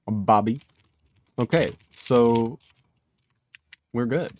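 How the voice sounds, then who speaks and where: A man's voice: mid-range voice, unhurried, long pauses. A man live-streaming his programming work, thinking aloud in casual talk, chuckling often and chatting with his viewers.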